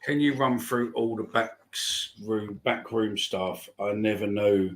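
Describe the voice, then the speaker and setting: A man's voice: on the low side, slow, slight background noise. A man hosting a football fan podcast, talking in a loose rambling way. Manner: rambling, lots of ums and restarts. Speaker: podcast host. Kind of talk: casual chat.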